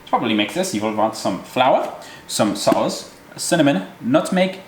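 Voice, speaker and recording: In an echoey kitchen full of loudly clattering cookware, a male cooking show host hams up a comic tutorial in an exaggerated, put-on German accent, dropping in German words. His medium-pitched voice is sing-song at a normal speed, with a slight hiss or hum on the recording.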